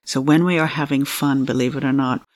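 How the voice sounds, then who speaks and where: A middle-aged woman, a fertility coach, telling her story candidly in an interview, animated and giggly, acting out her own past thoughts. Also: rumbling low, brisk.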